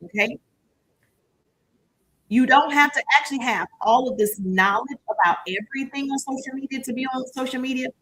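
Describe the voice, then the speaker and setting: Woman, business coach, livestream trainer, chatty and encouraging, husky, higher voice. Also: low-quality recording. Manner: upbeat, chatty, gives shout-outs to viewers. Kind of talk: live-streamed business training.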